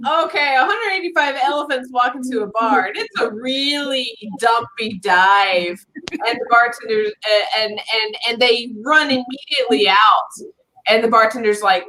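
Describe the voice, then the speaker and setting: A woman's voice: a little high, expressive, moderate pace, bright, forceful tone, slight background noise, rough recording. A woman improv performer chatting on a video call, giggly and hesitant. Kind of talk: casual improv banter.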